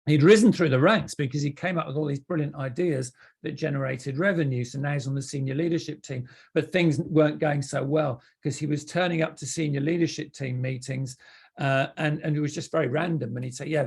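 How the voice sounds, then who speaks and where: A man's voice: on the high side, fairly even intonation, brisk, vocal fry, breathy edge. A man giving a conference talk, explaining ideas with frequent fillers and restarts. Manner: hesitant, with many fillers and restarts. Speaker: conference speaker.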